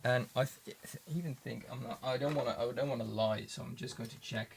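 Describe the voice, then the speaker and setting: A man casually commenting in his studio as he looks at his handmade pigments, halting and restarting often. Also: mid-range voice, steady tone, creaky, slight background noise. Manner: rambling, halting, many restarts. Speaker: pigment maker filming his studio work. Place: home studio.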